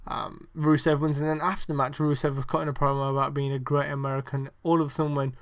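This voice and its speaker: A man's voice: a little high, little pitch movement, fast talker. A young man hosting a podcast, reviewing wrestling in a rambling, sarcastic way, full of swearing and ums. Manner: exasperated, sarcastic. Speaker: podcast host. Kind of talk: casual wrestling review chat.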